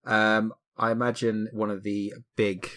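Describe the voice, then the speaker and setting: A man's voice: lowish voice, flat delivery, unhurried, fairly bright tone. A man playing a tabletop game, laid-back and often laughing. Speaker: player.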